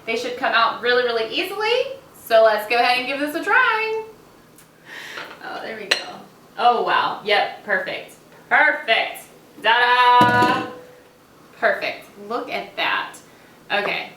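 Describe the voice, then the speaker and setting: Giggly woman hosting a cooking show, kinda high voice, echoey kitchen with faint hiss. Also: big pitch swings, unhurried. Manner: upbeat and giggly, chatty. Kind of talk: casual cooking demonstration. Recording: echoey room, mic at a distance.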